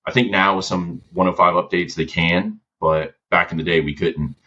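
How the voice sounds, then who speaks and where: Brief: very low male guest voice, slangy storyteller, dull lo-fi sound. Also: moderate pace. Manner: slangy, lively, quoting others in his stories. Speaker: podcast guest, former gunship gunner. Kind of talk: casual storytelling interview.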